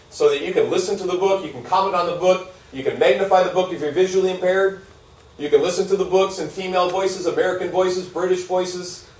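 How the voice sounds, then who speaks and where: A man giving a live university lecture, animated and asking his audience questions. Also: a little high. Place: lecture hall. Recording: echoey hall, speaker far from mic.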